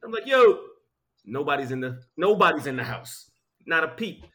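Man with a bright, slightly higher voice, spinning a casual story. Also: a little fast. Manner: relaxed storytelling, acting out quotes.

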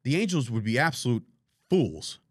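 A man's voice: mid-range voice, sing-song, normal speed, breathy edge, no room sound, clean studio sound. A middle-aged man hosting a live podcast, ranting casually about sports, exasperated and swearing freely. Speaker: podcast host.

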